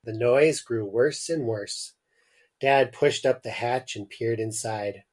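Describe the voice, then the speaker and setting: A male podcast host reading a story aloud, slow and theatrical. He gives the narration heavy emphasis. His pitch sits in the middle of a man's range. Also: a little mellow. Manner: dramatic reading, breaks into laughter.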